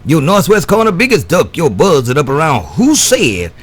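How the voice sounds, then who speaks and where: A man in casual CB radio banter, drawling and repeating his sign-off catchphrase, his words trailing off low. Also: huge pitch swings, moderate pace. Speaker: CB radio operator.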